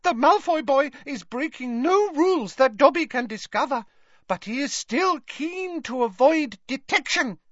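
A tiny male house-elf with a squeaky, very high voice, eager and earnest as he reports. He talks about himself in the third person. The recording is dry and a little dull. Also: expressive, a little slow, a bit bright, no room sound. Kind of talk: audiobook character voice.

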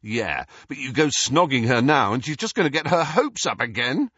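Audiobook figure: protective, hot-headed young man, male narrator, loud and high, dull dry recording. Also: big pitch swings, moderate pace, slightly rough, dry recording. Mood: angry. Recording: dull, slightly muffled audio.

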